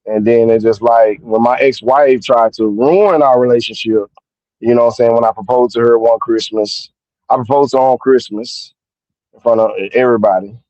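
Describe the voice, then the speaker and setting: A man's voice: mid-range voice, steady tone, normal speed, darkish tone, no room sound. A man in his forties calling in by phone from his car at work, talking casually and rambling with lots of "you know" fillers. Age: 40s. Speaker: caller. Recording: dull phone audio.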